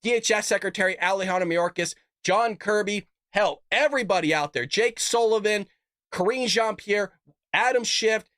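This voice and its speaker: A man's voice: sits high, normal speed, fairly bright tone, dry recording, clean studio sound. A man hosting a political commentary show, combative and emphatic, talking straight to his viewers and reading out quotes. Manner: reads out quotes and tweets.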